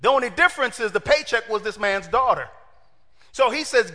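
A man preaching a sermon in an animated way, asking his congregation questions and acting out the quotes. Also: very high-pitched, a little fast, big-room sound.

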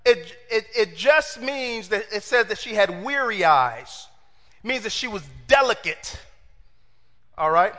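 A man preaching a sermon in an animated way, asking his congregation questions and acting out the quotes. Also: sits high, a little slow, in a large hall.

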